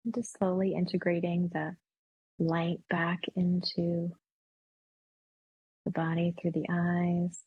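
Breathy woman guiding a slow meditation. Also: on the low side, little pitch movement, no room sound, narrow, tinny audio. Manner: soft, slow and soothing. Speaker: yoga and mindfulness instructor. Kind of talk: guided meditation.

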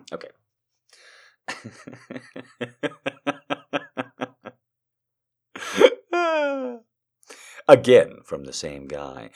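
This time his mid-range pitch swoops wildly as he reads very slowly, leaving long pauses. It's an erotic story played for laughs: theatrical, shifting between whispering and shrieking, and peppered with swearing and giggling asides.

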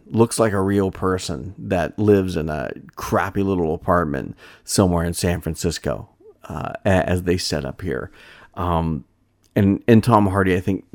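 Very low-voiced rambling male film reviewer. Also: a little mellow. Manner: rambling, halting, many fillers and restarts. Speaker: shop-themed movie reviewer. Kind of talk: casual film review monologue.

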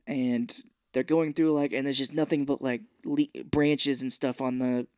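A man's voice: medium pitch, fairly even intonation, unhurried, darkish tone, clean tone, dry recording, studio quality. A man co-hosting a podcast, casually recapping a film's scenes and acting out the characters' lines. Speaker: podcast co-host. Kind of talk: casual movie recap chat.

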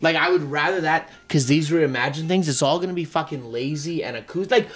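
Podcast co-host, male, profane and lively, playful mock Irish slang, casual chat at home. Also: a little high, fast talker.

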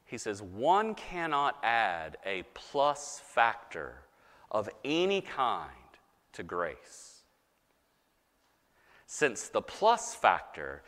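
A man preaching a sermon as a pastor, animated, mock-voicing objectors and swinging between loud and soft. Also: lowish voice, extremely slow, in a large hall.

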